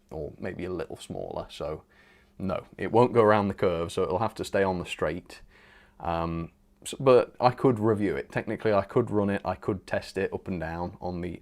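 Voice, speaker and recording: A man hosts a live stream in a loose, rambling way, reading out viewer comments and chuckling as he goes. His voice sits a little on the low side. The talk is relaxed and off the cuff. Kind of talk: casual live stream chat.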